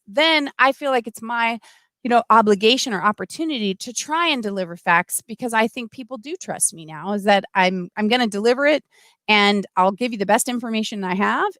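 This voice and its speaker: A middle-aged woman hosting a casual livestream, chatty and animated, full of asides and restarts. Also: on the high side, a little fast, dry recording. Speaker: livestream host. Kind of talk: casual livestream talk, reading comments.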